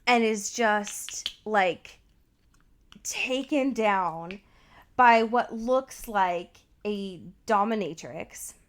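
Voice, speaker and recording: A woman's voice: mid-range voice, extremely slow. A woman co-hosting a podcast, recapping a TV episode in a loose, casual chat full of swearing and fillers. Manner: loose, profane, full of fillers and acted-out quotes. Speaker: podcast co-host.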